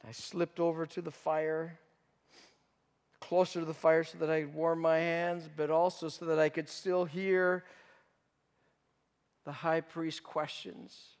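A man playing the disciple Peter in a dramatic first-person monologue, anguished, swinging between urgent outbursts and hushed confession. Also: a little high, little pitch movement, slow, long pauses, clear, resonant tone. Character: remorseful male disciple Peter, grown man haunted by guilt. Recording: long reverb of a large hall.

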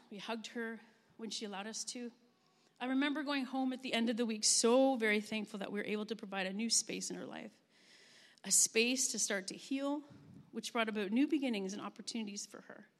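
A woman giving a heartfelt spoken testimony as a camp ministry leader, earnest and gentle, with pauses as she tells a story. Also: on the high side. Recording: long reverb of a large room.

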